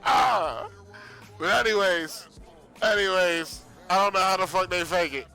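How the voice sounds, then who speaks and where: A man chatting casually on a livestream, telling a profane, animated story with frequent laughs. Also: on the high side. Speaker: streamer. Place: home streaming setup.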